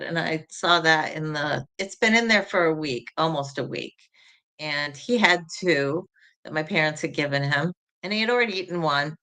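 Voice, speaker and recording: A middle-aged woman hosts a casual online gathering, talking in a loose, rambling way and calling out to people by name. Her voice is bright and forceful, sitting a little low in pitch. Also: creaky. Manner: chatty and rambling, reading viewers' names aloud. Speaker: host of an online community call. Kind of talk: casual chat.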